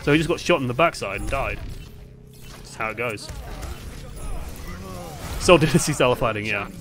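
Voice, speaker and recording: A young man giving casual match breakdown commentary, chatty and animated, swearing freely. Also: medium pitch, normal speed, faint music behind. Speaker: esports analyst.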